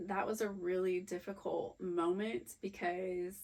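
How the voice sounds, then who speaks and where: Woman podcast co-host, low and gravelly, telling a personal story in a candid, emotional, halting way. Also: fairly even intonation, a little mellow, low-quality recording. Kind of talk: personal storytelling in casual chat.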